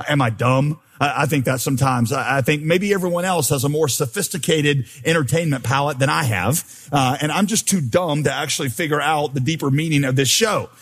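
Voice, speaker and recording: A man, a pastor, preaching a sermon with lively, self-deprecating humor and dramatic scripture reading. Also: fairly high pitch, fairly quick, breathy edge. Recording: long hall reverb.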